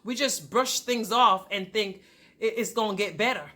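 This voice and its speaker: A woman's voice: mid-range voice, moderate pace, pushed and bright. Emphatic woman vlogger telling her story. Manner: emphatic, talks straight to viewers. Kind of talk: personal storytelling to viewers.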